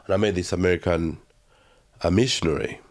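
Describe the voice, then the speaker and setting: A man from Uganda telling his life story as an interview guest, speaking haltingly with many fillers and restarts. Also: deep voice.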